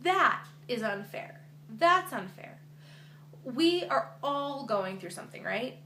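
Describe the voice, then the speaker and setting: A woman's voice: on the high side, lively intonation, a little slow, sharp tone. Chatty young woman vlogger in echoey room. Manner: earnest, chatty, many fillers. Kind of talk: casual chat to camera. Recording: echoey room with faint hum.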